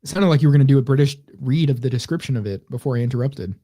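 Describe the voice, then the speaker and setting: A man's voice: mid-range voice, racing, mellow, no echo, studio quality. A man co-hosting a casual comedy podcast, rambling and sarcastic as he reads comments aloud. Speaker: podcast co-host.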